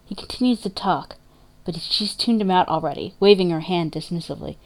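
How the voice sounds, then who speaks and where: A woman reading dramatic fiction aloud in a measured, emotive narration. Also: lowish voice, vocal fry. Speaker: story reader.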